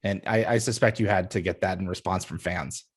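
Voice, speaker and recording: A man's voice: low voice, steady tone, brisk, slightly rough. A man hosting a video-call interview, speaking earnestly and thanking his guests. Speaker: host.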